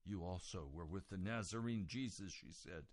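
A man preaching a sermon, retelling a scripture story and moving from quiet reading to loud, raised emphasis. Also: low-pitched, normal speed, dry recording, studio quality.

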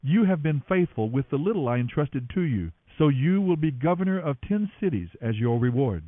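A man's voice: fairly high pitch, animated, normal speed, no room sound. A man voicing an approving nobleman king who praises a servant in a proclaiming way, heard over a dry, tinny line. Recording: dry, tinny phone-like sound.

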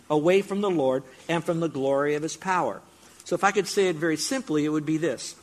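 Bright-voiced emphatic male preacher. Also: fairly high pitch. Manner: emphatic preaching with rising, repeated build-ups. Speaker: pastor. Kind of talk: sermon.

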